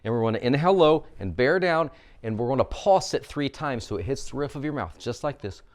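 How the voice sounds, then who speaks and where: Male vocal coach, upbeat instructional tone, mid-pitched voice, walks the listener through drills. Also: expressive, brisk. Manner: upbeat coaching, demonstrating exercises.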